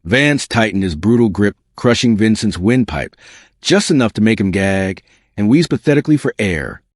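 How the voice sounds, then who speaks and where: A man's voice: fairly low pitch, lively intonation, moderate pace, no room sound, studio quality. A man reading a dramatic story as scripted narration with an intense delivery.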